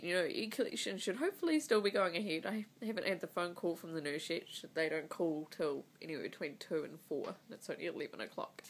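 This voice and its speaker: Tearful woman, thirties, speaking a phone-recorded diary, low gravelly voice, halting, sighing. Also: slight background noise. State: crying. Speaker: vlogger. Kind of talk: tearful personal video diary. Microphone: phone mic.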